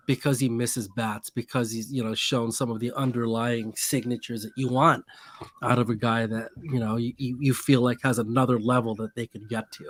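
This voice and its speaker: A man co-hosting a podcast in casual chat, animated and wry. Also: medium pitch, normal speed. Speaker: podcast co-host.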